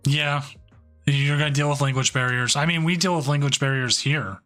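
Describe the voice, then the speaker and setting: A man with a fairly high, bright, forward voice calls a card game tournament live. He talks in a relaxed, joking way and rambles through fillers and restarts as he comments on the play. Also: normal speed, soft background music. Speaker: tournament stream host and commentator.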